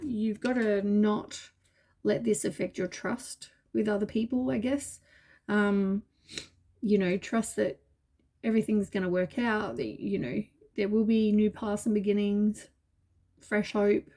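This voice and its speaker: A tired woman reads tarot cards in a loose, rambling way, full of fillers and gentle reassurance. Her voice is mellow and soft at a middle pitch, and she sounds worn out. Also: fairly even intonation, measured pace, long pauses. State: tired, yawning. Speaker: tarot reader. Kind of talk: casual tarot reading.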